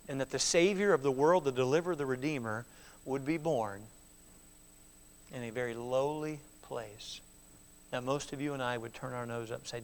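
A man preaching a sermon, moving between loud emphatic calls and hushed near-whispers, acting out voices and repeating key words in a steady rhythm. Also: fairly high pitch, long reverb tail. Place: church.

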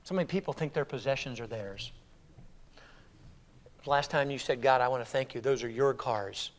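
A man preaching a sermon in an animated, exclamatory way, swinging between loud declarations and hushed passages. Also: medium pitch, normal speed. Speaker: pastor. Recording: echoey hall reverb.

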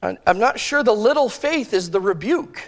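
A man preaching a sermon in a conversational way, thinking aloud with restarts and slowing to give quoted scripture weight. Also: sits high, lively intonation, big-room sound. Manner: slow, emphatic phrasing of quoted scripture.

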